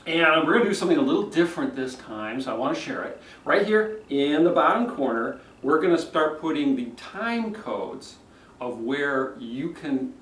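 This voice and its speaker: Animated male speaking coach, roomy sound. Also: fairly high pitch. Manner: animated, demonstrates delivery himself. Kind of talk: video critique of speeches. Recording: roomy echo, mic at a distance.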